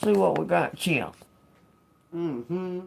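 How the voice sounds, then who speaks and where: A woman intuitive reader gives a loose, casual spiritual reading to her audience, her pitch swinging widely as she breaks into frequent laughter. She swears freely in a streetwise, offhand manner, speaking slowly with lively intonation and a creaky voice. A faint ambient hiss sits behind her.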